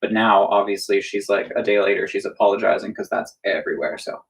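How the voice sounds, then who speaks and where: A man's voice: lowish voice, fairly even intonation, fast, vocal fry. A man chatting casually on a live stream over a meal, telling a story in a gossipy way. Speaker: livestream co-host. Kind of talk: casual chat while eating.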